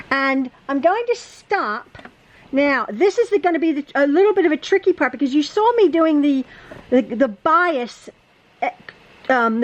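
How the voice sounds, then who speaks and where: A woman's voice: high-pitched, fairly bright tone, rough recording. A woman teaching quilting in a chatty, casual tutorial from her home sewing room, often repeating herself and stumbling over words. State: a little out of breath.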